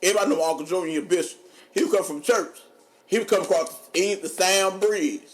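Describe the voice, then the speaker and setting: A man, a podcast co-host telling funny stories in casual chat, animated and laughing often. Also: quick pace. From North Carolina. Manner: animated, laughing often, drops low for quoted voices. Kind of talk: casual storytelling.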